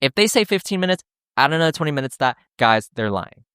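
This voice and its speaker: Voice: medium pitch, fast, clean tone, no echo, studio quality. A podcast host telling a hiking story in casual chat, acting out what everyone said and swearing freely. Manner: animated, acts out quotes, swears freely.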